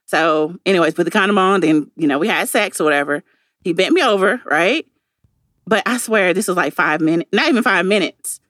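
A woman's voice: on the low side, expressive, fairly quick, a bit bright, no echo, studio quality. A woman co-hosting a podcast, telling a story in casual chat and acting out both sides of the dialogue. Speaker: podcast co-host.

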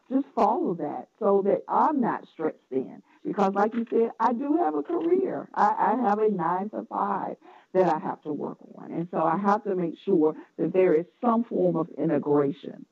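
A woman's voice: medium pitch, expressive, normal speed, breathy edge. A woman from North Carolina with a Southern accent, speaking earnestly as a podcast guest about her businesses. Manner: earnest and affirming, frequent laughs and restarts. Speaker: guest, educator and entrepreneur. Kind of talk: podcast interview, casual. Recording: phone-like narrow sound.

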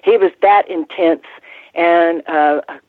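An older woman, a former ring announcer, telling stories in an interview, halting with many restarts and fillers. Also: fairly low pitch, no echo. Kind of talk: casual interview storytelling. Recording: tinny phone-line sound, dry.

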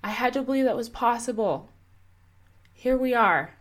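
A young woman hosts her own motivational podcast alone. She talks in an earnest, encouraging way and keeps asking her listener gentle, repeated questions. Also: on the high side, normal speed. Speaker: podcast host and coach. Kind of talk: solo motivational podcast talk.

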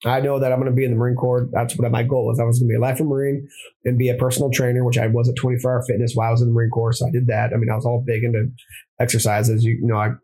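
A husky-voiced man tells his story at a rapid clip, circling back and correcting himself as he goes. He is a plumber and former Marine chatting casually in an interview. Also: medium pitch, little pitch movement, warm tone, poor audio. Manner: rambling, with restarts and self-corrections.

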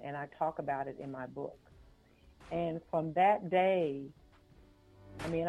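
A woman, an author and life coach, telling a personal story in a podcast interview, slow and earnest, repeating phrases for weight. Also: sits low, gravelly. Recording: phone-like line with faint music.

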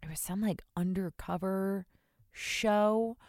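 A young woman from New Jersey co-hosting a podcast, chatty and animated, telling stories. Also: medium pitch, slow pace, no echo, clean studio sound. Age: young adult. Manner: chatty, animated storyteller with acted quotes. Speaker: podcast co-host. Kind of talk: casual chat.

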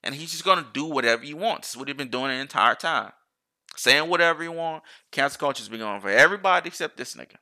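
A man's voice: fairly high pitch, animated, fast, pushed and bright. A man talking in a casual, rambling monologue, swearing freely and restarting his sentences often.

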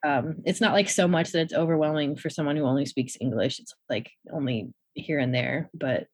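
A woman's voice: low-pitched, fairly quick, darkish tone, husky, dry recording. A woman novelist, a guest on an interview, talking casually and in a bubbly way, with frequent giggles and many fillers.

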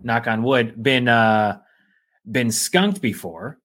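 A man's voice: medium pitch, slow, fairly bright tone. A man in a casual comedy podcast chat, rambling with many fillers and restarts.

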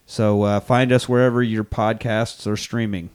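A man's voice: on the low side, little pitch movement, normal speed, clear, resonant tone. A man co-hosting a podcast, chatting casually, rambling and swearing often. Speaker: podcast co-host. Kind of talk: casual chat.

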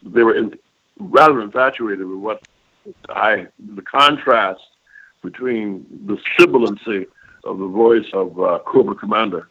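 A lowish, unhurried male voice comes through a lo-fi phone call as an older voice actor reminisces in an interview. He rambles through emphatic stories and often checks in with whoever he's talking to.

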